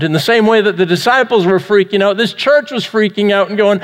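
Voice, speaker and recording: A man's voice: sits high, fairly quick, few pauses. A man preaching a sermon as a pastor, earnest and full of rhetorical questions. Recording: long church reverb.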